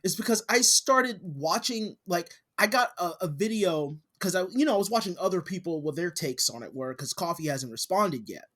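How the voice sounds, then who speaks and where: A man's voice: sits high, expressive, normal speed, few pauses, a bit bright. A man co-hosting a podcast, chatting casually and ranting, getting heated and profane. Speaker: podcast co-host. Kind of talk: casual chat.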